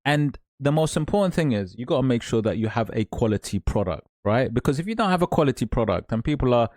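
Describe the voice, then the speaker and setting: A man speaks straight to his viewers as a coach, pressing each point again and again. His voice sits at a middle pitch and sounds dry and close. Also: lively intonation, fast, a little mellow, no room sound. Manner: emphatic, repeats points, calls listener mate. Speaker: online business coach. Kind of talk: direct-to-camera advice talk.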